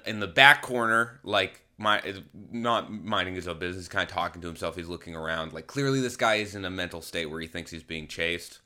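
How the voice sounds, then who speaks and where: Low-voiced man rambling on a podcast. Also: pushed and bright. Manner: rambling, self-correcting, candid. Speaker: podcast host. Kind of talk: casual storytelling monologue. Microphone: phone camera.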